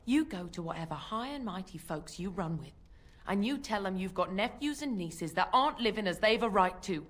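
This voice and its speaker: A woman's voice: medium pitch, lively intonation, brisk, natural voice. An actress playing a bitter, hard-up mother of five in a video game, cold and contemptuous. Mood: scornful.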